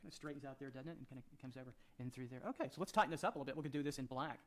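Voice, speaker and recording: Quick-talking man teaching drawing. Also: mid-range voice. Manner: relaxed, thinking aloud while sketching, often trailing off quietly. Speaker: drawing instructor.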